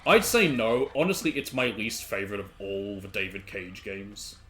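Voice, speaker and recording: A young man chatting casually to his stream while playing, rambling with quick asides. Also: on the low side, a bit bright, slight background noise. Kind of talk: casual gameplay commentary.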